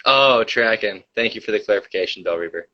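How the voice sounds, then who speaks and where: A man's voice: on the low side, a little fast, muffled recording. A young man hosting a casual livestream, telling a rambling story full of fillers and reading the chat.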